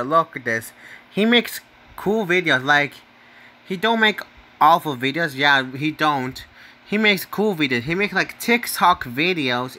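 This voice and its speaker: Slow-talking bright-voiced man rambling casually. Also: fairly high pitch. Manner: rambling, repetitive, keeps asking "right?"; stumbles over names and corrects himself. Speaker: channel host. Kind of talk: casual screen commentary ranking users.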